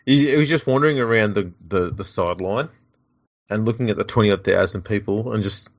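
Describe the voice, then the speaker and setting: A man's voice: fairly low pitch, brisk, no echo, muffled recording. An Australian man co-hosting a podcast, bantering dryly and sarcastically, often laughing. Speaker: podcast co-host. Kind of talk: casual banter.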